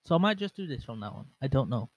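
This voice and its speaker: A man's voice: mid-range voice, big pitch swings, fast talker, no room sound, poor audio. Young guy rambling thru his podcast, lots of ums n restarts, dry close mic. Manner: rambling and self-mocking, with lots of fillers and restarts. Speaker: podcast host. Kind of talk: casual solo podcast chat. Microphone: bare microphone without windscreen, monitored on headset.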